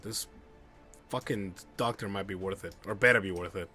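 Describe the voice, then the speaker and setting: A man streaming a game live, commenting excitedly and swearing at bad luck. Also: low-pitched, normal speed, faint music behind. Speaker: gamer streaming a playthrough.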